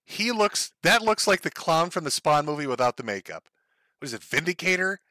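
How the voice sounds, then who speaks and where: A man's voice: on the high side, sing-song, fairly quick, pushed and bright, dry recording. A man hosting a stream, giving mocking commentary over clips and laughing often. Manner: laughs often, sneering and gleeful. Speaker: streamer host.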